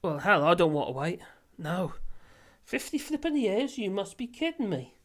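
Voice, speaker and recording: A livestream host chats casually in a lively voice that swings widely in pitch. The host rambles from thought to thought, laughs often and swears offhandedly. The delivery is loose and unscripted. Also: normal speed. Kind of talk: casual live chat.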